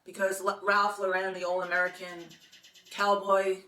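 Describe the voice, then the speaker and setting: A woman's voice: mid-range voice, little pitch movement, moderate pace. A woman in her sixties telling a long personal story in a chatty, rambling way, often laughing. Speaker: podcast host. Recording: roomy, distant from the mic, faint noise.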